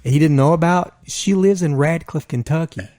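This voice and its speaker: Podcast co-host, man, lively yarn-spinner with a slightly raised pitch, recorded dry and close. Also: moderate pace, no echo. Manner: animated storyteller, voice jumps up when quoting himself. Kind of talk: casual storytelling chat.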